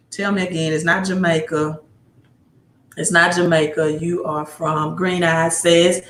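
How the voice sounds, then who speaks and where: Mississippi-accented woman host, livestream chat, drawn-out easy pace, echoey room. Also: on the low side. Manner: excited, repeats phrases, answers viewer comments. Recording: roomy echo.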